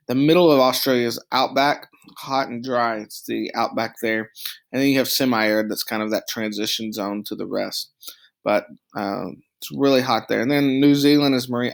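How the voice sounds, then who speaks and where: A man teaching a recorded geography lesson over slides, speaking loosely and haltingly with many ums and restarts. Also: mid-range voice, creaky.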